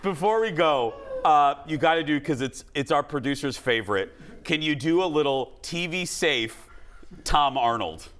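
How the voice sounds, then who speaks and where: A man's voice: fairly high pitch, lively intonation, moderate pace, fairly bright tone, a little hiss or hum. A male talk-show host in casual chat, setting up his guest with a few stumbles. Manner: chatty, stumbling set-ups to the guest.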